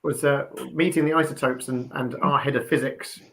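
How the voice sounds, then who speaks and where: A man guest on a quiz chat show, halting and self-deprecating. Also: medium pitch, fairly even intonation, a bit bright. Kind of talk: casual chat.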